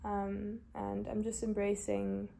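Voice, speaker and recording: A young woman from South Africa talks slowly from her bed in a confessional vlog, tired and emotional. Her voice is mellow and gravelly with a flat, even pitch. She sounds soft-spoken and open. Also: a little hiss or hum. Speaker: vlogger. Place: lying in bed.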